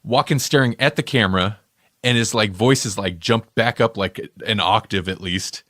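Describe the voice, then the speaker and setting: Guy on a podcast rambling about a movie, lowish voice, dry close mic. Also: normal speed, a bit bright, no room sound. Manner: rambling, self-correcting. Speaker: podcast co-host. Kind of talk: casual movie review chat.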